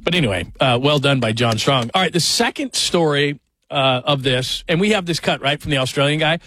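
Here a man in his forties hosts a radio show in a slightly high, brisk voice. His chat is casual, and his stories ramble along, lively and self-mocking.

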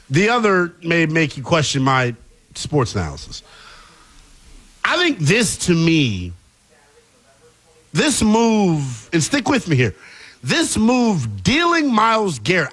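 A man co-hosting a sports talk show, animated and opinionated with a playful, teasing manner. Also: sits high, breathy edge.

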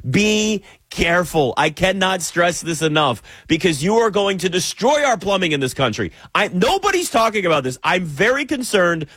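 A man, delivering an animated, sarcastic sports opinion monologue as a commentator. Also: high-pitched, normal speed, few pauses, slightly rough, no echo.

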